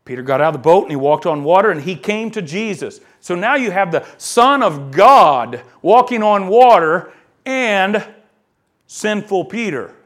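A male pastor delivers a sermon in a high, light voice. He is animated and dramatic, acting out the people in the scripture he reads and moving from hushed asides to loud emphatic lines. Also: measured pace. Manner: animated preaching, acts out quoted voices, swings from soft asides to loud emphasis.

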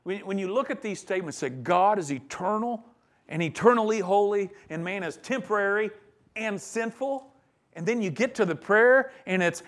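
At a moderate pace, a pastor with a high male voice gives an earnest sermon on a psalm. He builds to emphatic peaks and lets out soft chuckles between his points.

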